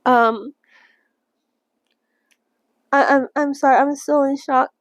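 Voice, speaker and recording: A young woman with a high, bright-toned voice hosts a casual read-along of a novel. She reads in a halting way, breaks off to react with emotional gasps and restarts, then goes back to the page. The recording is close and dry. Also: fairly even intonation, no echo. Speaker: channel host reading a novel aloud.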